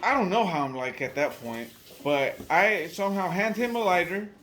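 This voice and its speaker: A man casually telling a wild story, profane and animated, acting out the people he quotes. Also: high-pitched, moderate pace, a little hiss or hum.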